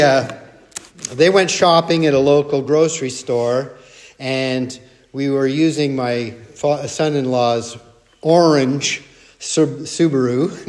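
An older man preaching a sermon, earnest and repetitive, with folksy storytelling asides. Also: medium pitch.

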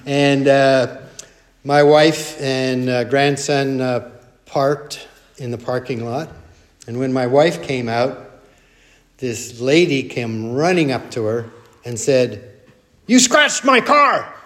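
A man's voice: medium pitch, fairly even intonation, slow pace. An older man preaching a sermon, earnest and repetitive, with folksy storytelling asides.

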